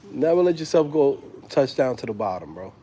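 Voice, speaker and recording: A man's voice: mid-range voice, dark tone, slight background noise. A man in his thirties hosting a loose, slangy casual chat and laughing often. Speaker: host.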